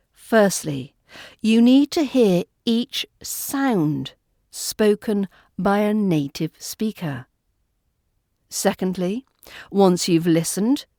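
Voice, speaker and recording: A woman with a British RP accent delivers a scripted podcast lesson in a clear, measured way. Her voice sits at a middle pitch. It is recorded on a close microphone in a dry room with no echo. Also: darkish tone. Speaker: accent coach and podcast host.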